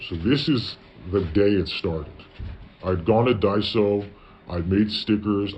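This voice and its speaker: A man's voice: lowish voice, a little slow, darkish tone. A man telling a long, casual story. He swears a lot and quotes himself with "I was like". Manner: profane, tells stories with lots of "I was like" quoting. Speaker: guest telling his story. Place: parents' garage. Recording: dull lo-fi audio with faint background noise.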